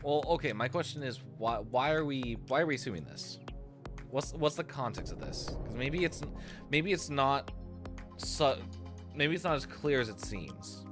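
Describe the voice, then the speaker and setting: A man streaming himself making music, chatting casually as he works, thinking out loud with hesitant restarts and sudden excited bursts. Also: mid-range voice, moderate pace. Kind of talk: casual live-stream chat while producing music.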